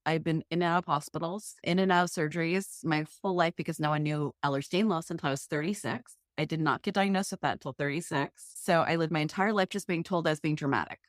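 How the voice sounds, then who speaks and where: Candid, expressive woman podcast guest. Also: sits low, fast talker, few pauses, no echo, studio quality. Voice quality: expressive, self-deprecating, laughs often. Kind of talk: candid conversational interview.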